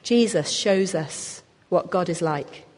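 A woman's voice: lowish voice, slow pace, darkish tone. A woman preaching a sermon. She talks expressively and pushes harder on the key words. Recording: long hall reverb.

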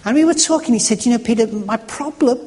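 A man preaching a sermon, telling a story in an earnest, halting way with frequent restarts. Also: very high voice, dark tone. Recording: echoey hall.

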